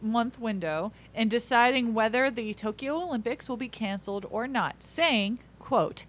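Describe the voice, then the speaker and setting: A woman co-hosting a comedy news podcast, reading headlines aloud with a playful, punning, deadpan teasing manner. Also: a little high, normal speed. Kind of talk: casual comedic chat.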